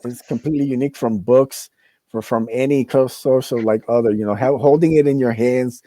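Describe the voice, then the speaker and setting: A man's voice: medium pitch, steady tone, a little fast, mellow, no room sound. A man in casual podcast chat, talking enthusiastically and rambling with many fillers. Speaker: podcast guest, comic creator.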